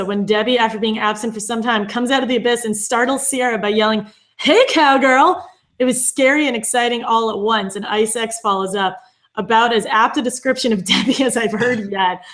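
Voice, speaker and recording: A woman's voice: on the high side, a bit bright. A woman co-hosting a fan show, chatting casually and reading viewer comments aloud. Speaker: podcast co-host.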